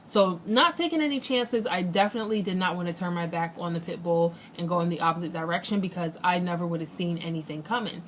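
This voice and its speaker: A young woman with a fairly low voice tells a personal story straight to the camera in a loose, chatty way. She throws herself into the retelling and acts out the lines people said. A faint hum of noise sits behind her. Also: fast, hardly any pauses. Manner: animated retelling, acts out quotes. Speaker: vlogger. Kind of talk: casual storytelling.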